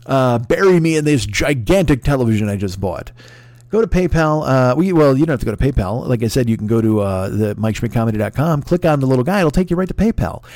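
A man riffs through a comedy podcast monologue, cursing freely and rambling from tangent to tangent. His voice sits in a middle pitch and jumps into loud, excitable bursts. The recording is dry and close, with no room echo. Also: quick pace. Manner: rambling, profane and excitable, with sudden loud outbursts. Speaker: podcast host.

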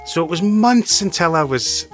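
A man telling a story as a podcast guest in casual talk, swearing freely and getting animated. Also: a little high, moderate pace, faint music behind. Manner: profane, animated anecdote-teller.

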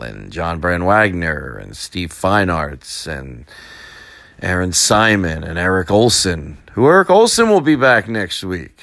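A man giving a relaxed, rambling sign-off as host of a show. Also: low voice, vocal fry, no echo, studio quality. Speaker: podcast host.

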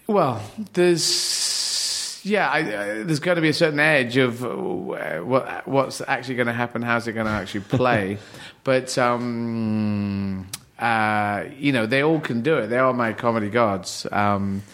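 A middle-aged English comedian, appearing as a podcast guest, chats casually, rambling and laughing as he goes and often restarting sentences. His voice is medium-pitched and a bit bright, his pace unhurried.

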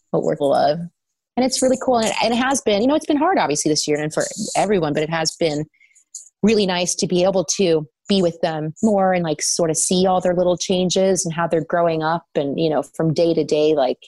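Woman guest telling stories, laughs a lot, lowish voice, super dry audio. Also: no echo. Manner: animated storyteller, laughs often, pitch jumps when quoting. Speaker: soap opera actress guest. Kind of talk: casual interview chat.

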